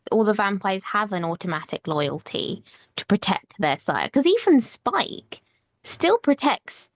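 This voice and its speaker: Woman co-host, relaxed chatty delivery, laughs a lot, dry close recording. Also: on the high side, dry recording. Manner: chatty, laughs often, trails off and restarts. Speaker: podcast co-host. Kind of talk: casual chat.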